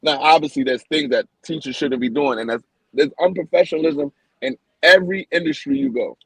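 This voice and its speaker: A man's voice: a little high, very animated, fairly quick, creaky, husky, no room sound, low-quality recording. A man co-hosting a casual podcast, talking emphatically and opinionatedly, often repeating and restarting his words.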